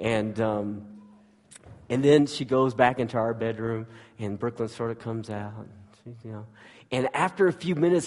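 A male pastor telling a family story in a conversational, animated way, then praying. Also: medium pitch. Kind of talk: sermon with storytelling. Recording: long hall reverb.

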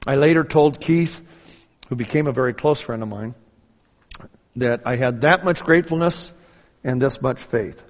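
A middle-aged man preaching a personal testimony, telling his story in a lively way and acting out the dialogue. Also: medium pitch, moderate pace. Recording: reverberant hall.

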